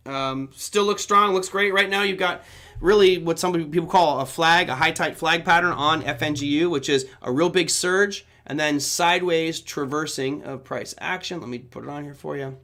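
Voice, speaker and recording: A man's voice: a little high, moderate pace, bright, forceful tone. A middle-aged man from Germany hosting a live trading stream, talking casually and thinking aloud as he walks through charts. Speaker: host. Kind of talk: live market analysis stream.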